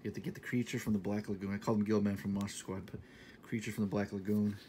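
A man in his thirties talking casually in a shopping haul vlog, enthusiastic and repetitive, sometimes dropping to a soft half-whisper. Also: lowish voice, flat delivery, fast, a little hiss or hum. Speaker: vlogger showing a shopping haul.

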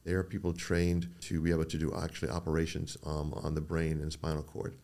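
An older man with a very low, gravelly voice talks through his career as a guest on a podcast. He tells stories at an easy pace and slips into quick impressions of the people he quotes. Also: monotone, a little mellow. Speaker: neuro-oncologist guest. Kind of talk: podcast interview.

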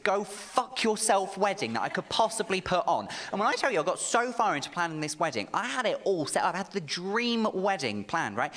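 A man performing a camp, animated stand-up set on a comedy club stage. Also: on the high side. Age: 30s. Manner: camp, animated storytelling with sharp asides.

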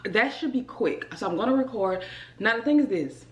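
Recorded in a reverberant space with dull-sounding audio, a young woman with a fairly high voice talks at a moderate speed in her home vlog. Her New Orleans–area Southern accent comes through as she casually and energetically addresses her audience as "y'all" and "child."

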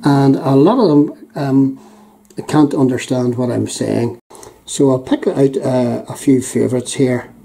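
Slow, gravelly Belfast man. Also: medium pitch, dark tone, a little hiss or hum, poor audio. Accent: Northern Irish, Belfast. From Northern Ireland. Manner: unhurried, chuckling, many ums and uhs. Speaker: YouTube channel host. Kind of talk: casual chat, reading local phrases.

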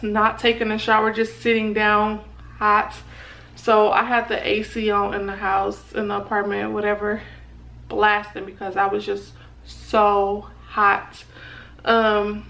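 A woman's voice: medium pitch, creaky, a bit bright. A young woman, talking casually to her viewers in a vlog. She sounds out of breath and keeps calling her viewers "y'all.". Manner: chatty, repeatedly addressing viewers as "y'all". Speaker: vlogger.

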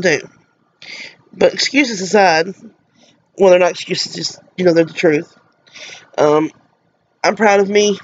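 A woman's voice: mid-range voice, a little mellow, dull audio. A middle-aged woman from Mississippi with a Southern American accent, speaking an earnest, emotional monologue to camera in a preachy soapbox manner. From Mississippi, USA. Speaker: vlogger.

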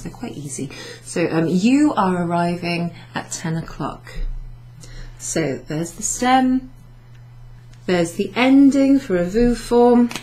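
Slow, patient woman teaching. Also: medium pitch, darkish tone, slight background noise, poor audio. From United Kingdom. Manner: patient, with many ums and repeated French words. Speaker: French teacher. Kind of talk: slow classroom explanation. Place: pub function room, recorded lesson.

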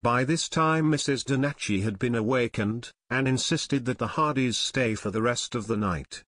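A man narrating an adventure audiobook in a steady, measured reading, recorded close to the mic. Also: mid-range voice, no echo. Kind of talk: scripted narration.

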